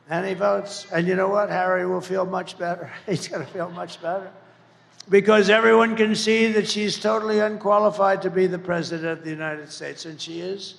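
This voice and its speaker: A man's gravelly, rather high voice carries through a large rally hall with long echoing reverb. He speaks as a political candidate, rambling from point to point, mocking his opponents and hammering home lines with shouted emphasis. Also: steady tone, normal speed. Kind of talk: campaign rally speech.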